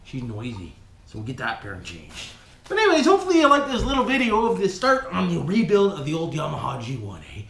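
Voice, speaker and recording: A man's voice: fairly high pitch, huge pitch swings, quick pace, gravelly. A man hosting a casual workshop vlog, folksy and foul-mouthed, talking to his viewers as he works on an engine with tools. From Canada. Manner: folksy, swears a lot, keeps calling viewers "boys". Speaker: vlog host rebuilding an engine. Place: home workshop, working with tools. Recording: echoey room with loud tool clatter.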